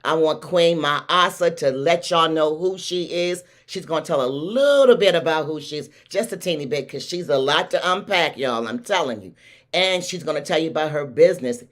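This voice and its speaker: A woman's voice: deep voice, moderate pace. A woman from Baltimore with a Baltimore accent, hosting a livestream talk show and hyping up her audience in an effusive way. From Baltimore, USA. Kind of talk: hyped livestream show intro.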